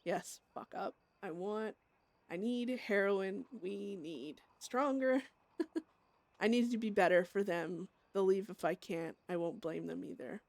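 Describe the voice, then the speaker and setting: A woman voicing a troubled outlaw woman who hears voices and craves drugs, speaking her thoughts in a quiet, halting inner monologue. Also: medium pitch, gravelly, no room sound. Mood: desperate.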